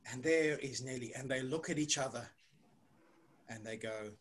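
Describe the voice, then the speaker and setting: A woman's voice: rumbling low, moderate pace, a little hiss or hum. A woman telling a story to children at church, stopping often to ask them questions. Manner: animated, asks the children questions.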